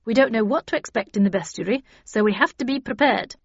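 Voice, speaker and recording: Speaking fast with vocal fry and a husky, slightly high voice, a woman portrays a brusque, irascible old spinster with a passion for cars. Her lines come out curt and dismissive, in dull, dry lo-fi audio with no room sound.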